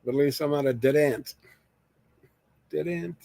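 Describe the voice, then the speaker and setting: Give me a slightly high-voiced man rambling through a casual solo live stream, recorded dry on a desk mic. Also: unhurried, vocal fry, warm tone, dry recording. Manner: rambling, jokey, reads chat aloud.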